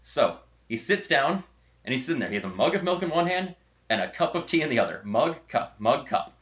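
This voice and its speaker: A man's voice: a little high, big pitch swings, fast talker, a bit bright, dull audio. A young man hosting his own channel, telling a funny college story in a casual, rambling way and correcting himself as he goes. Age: young adult. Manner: chatty and rambling, with self-correcting asides.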